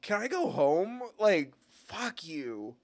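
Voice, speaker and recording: A man streaming a game live, expressive and swearing, with frequent laughs and loud outbursts. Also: high-pitched, takes it slowly. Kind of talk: live gaming commentary. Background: faint game music.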